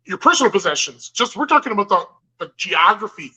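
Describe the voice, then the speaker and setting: A speaker in casual podcast conversation, making points in a measured, analytical, deliberate way. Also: mid-range voice, very animated, bright, forceful tone, low-quality recording. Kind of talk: casual chat.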